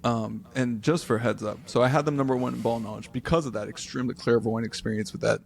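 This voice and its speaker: A man's voice: medium pitch, fairly even intonation, fast, vocal fry, a little hiss or hum. A man co-hosting a casual sports podcast, telling stories playfully and laughing often. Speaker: podcast co-host.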